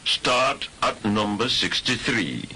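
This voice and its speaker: Guy slowly reading test answers one by one, lowish voice, bit of hiss. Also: sing-song, pushed and bright. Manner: slow, deliberate reading of numbered test items. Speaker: test recording announcer. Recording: hissy recording.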